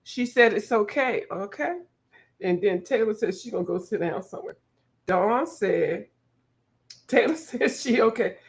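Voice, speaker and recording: A woman's voice: medium pitch, expressive, measured pace. A woman hosting a painting livestream, laughing a lot and teasing viewers as she reads the chat.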